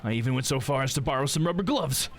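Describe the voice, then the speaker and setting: A man's voice: mid-range voice, animated, fast talker, faint music behind, close to an everyday voice. A man voicing a defensive male prisoner suspect who stammers through indignant denials. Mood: defiant.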